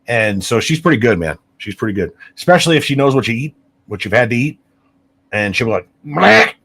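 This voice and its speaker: A man's voice: medium pitch, expressive, quick pace, fairly bright tone. A man co-hosting a casual podcast who banters in an enthusiastic, jokey way. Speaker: podcast co-host.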